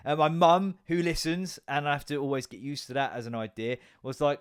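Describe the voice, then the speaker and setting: A young man hosting his own podcast, rambling and joking with lots of swearing and sudden loud bursts. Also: on the high side, animated, normal speed, smooth. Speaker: podcast host. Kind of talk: casual solo podcast rant.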